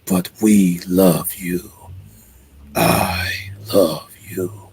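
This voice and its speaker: A man voicing a creepy, seductive male demon in a slow, breathy whispered role-play. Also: deep voice, steady tone, darkish tone, slight background noise, pitched below the performer's own voice, exaggerated voice. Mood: menacing.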